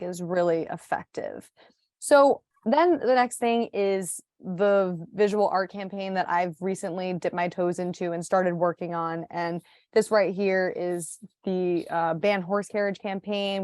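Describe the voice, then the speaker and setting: A woman's voice: on the low side, darkish tone, no echo, clean studio sound. A young woman, an activist, giving a casual workshop talk in a chatty, sassy way with lots of fillers and restarts.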